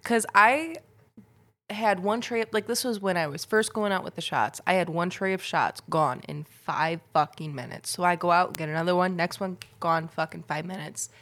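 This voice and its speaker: A young woman co-hosting a podcast, telling stories in a loose, animated way, swearing freely and laughing often. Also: lowish voice, moderate pace. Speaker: podcast co-host. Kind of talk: casual storytelling chat.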